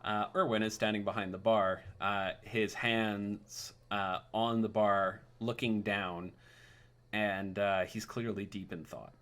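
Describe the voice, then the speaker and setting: A man's voice: fairly low pitch, fairly even intonation, slow, fairly bright tone. A man narrating as game master of a tabletop game, casual and full of hesitant fillers.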